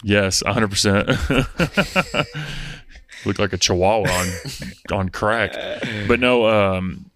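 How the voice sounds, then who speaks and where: A man's voice: on the low side, slow pace, long pauses. A young man, a gym coach, telling stories in a casual podcast chat with some swearing. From Oklahoma. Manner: animated storyteller, casual swearing.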